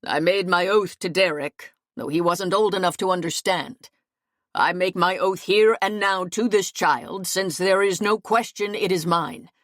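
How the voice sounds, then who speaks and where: A woman's voice: fairly low pitch, a bit bright, dry recording, studio quality. Woman reading as a stern medieval lord. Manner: stern, measured, cold authority. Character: stern commanding medieval lord, adult man.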